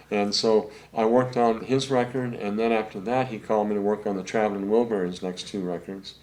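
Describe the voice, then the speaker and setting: A man's voice: lowish voice, darkish tone. Older man telling studio stories. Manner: rambling anecdotes with many fillers, acts out quotes. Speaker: session saxophonist guest. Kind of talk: relaxed storytelling interview.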